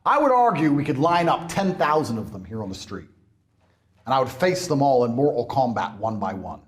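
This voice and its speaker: A man's voice: medium pitch, very animated, brisk. A man ranting on a podcast in a brash, mocking and emphatic way. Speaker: podcast guest. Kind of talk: provocative podcast rant.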